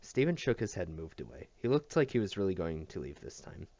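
A man reading a novel aloud as scripted narration, in an expressive storytelling manner. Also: deep voice, quick pace, vocal fry. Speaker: audiobook reader. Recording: dull dry recording.

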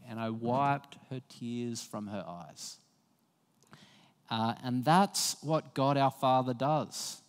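A man's voice: mid-range voice, slow, in a large hall. A man preaching a sermon as pastor, talking to the congregation in a conversational way and weaving in personal stories. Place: church.

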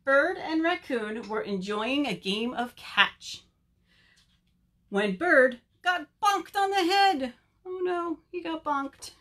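Animated woman reading to children. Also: sits high. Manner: animated, slow, talks to children. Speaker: children's librarian. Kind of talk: virtual story time reading.

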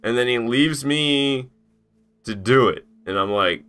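A man's voice: mid-range voice, measured pace, fairly bright tone, clean tone. Cussing, rambling male game streamer. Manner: rambling, swears freely, laughs at himself. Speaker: gaming streamer. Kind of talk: casual live-stream chat while playing. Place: his garage.

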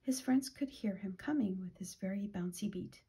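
Soft husky woman reading a picture book. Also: mid-range voice, normal speed. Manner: gentle, often drops to a whisper. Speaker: children's storytime reader.

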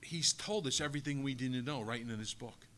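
A man's voice: medium pitch, fairly quick, bright, forceful tone. A male pastor giving a sermon, preaching emphatically and asking the congregation rhetorical questions.

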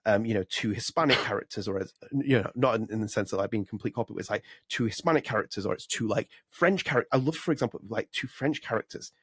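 A man's voice: lowish voice, a bit bright, breathy edge. A man co-hosting a gaming podcast, chatting casually and rambling with lots of fillers. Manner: rapid, rambling with many fillers. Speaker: podcast co-host. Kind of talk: casual chat.

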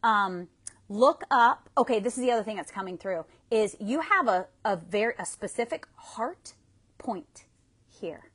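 A woman talks to her viewers through a phone during a livestream, coaching them in tapping. She is chatty and affectionate, often restarting her sentences. Her voice sits at an ordinary middle pitch. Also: lively intonation, measured pace, a bit bright, husky.

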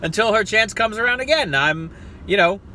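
A man's voice: high voice, normal speed, slight background noise. A man with a South Jersey accent ranting casually about wrestling picks from a parked car, profane and jokey. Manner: profane, excitable, jokey rants. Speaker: wrestling vlogger.

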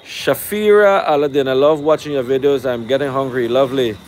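A man hosting a live stream from a rooftop cookout, reeling off shout-outs and ranting at critics in a brash, animated way. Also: mid-range voice, a little fast, slight background noise.

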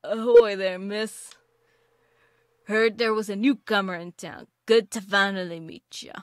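A woman's voice: medium pitch, steady tone, unhurried, no room sound, natural voice. Woman doing a hearty old sea-dog fisherman. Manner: hearty pirate-like drawl.

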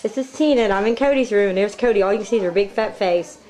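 A woman's voice: mid-range voice, fast talker, dark tone, soft background music, rough recording. A woman filming home video, talking playfully and coaxing someone in her care. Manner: playful, coaxing sing-song toward a patient. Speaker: family caregiver. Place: clinic and bedroom. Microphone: handheld camcorder.

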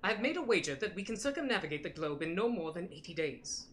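Woman doing a lowish, clipped, aloof gentleman traveler for a game read-through. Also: very animated, fast talker, a little hiss or hum.

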